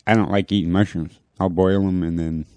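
Very deep-voiced insistent man. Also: steady tone, brisk, warm tone, clean tone, dry recording. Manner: insistent, confident about his advice. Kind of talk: casual chat.

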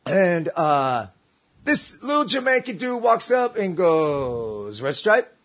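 A man's voice: sits high, very animated, takes it slowly. A man telling a long, profane, slangy story in casual chat, acting out the voices of the people in it.

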